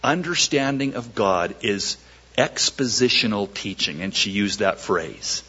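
A man, a pastor, telling a story in a sermon, animated and acting out the voices of people he quotes, on a dull lo-fi recording. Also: on the low side, measured pace, breathy edge.

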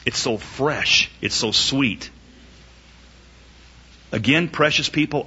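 A man preaching a sermon emphatically, asking rhetorical questions and swinging his pitch up and down. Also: sharp tone, slightly rough. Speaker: pastor. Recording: dull lo-fi recording.

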